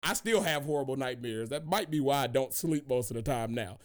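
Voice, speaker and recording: A young man hosting a casual podcast discussion, telling profane stories in an animated way. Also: medium pitch, a little fast. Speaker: podcast host.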